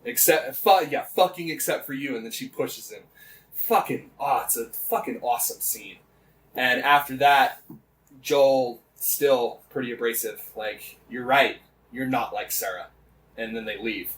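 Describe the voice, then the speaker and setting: A man's voice: mid-range voice, measured pace, recorded from a distance, rough recording. A man co-hosting a podcast, retelling a game story in casual chat, rambling with lots of fillers and frequent swearing. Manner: rambling, swears often, many fillers and restarts. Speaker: podcast co-host.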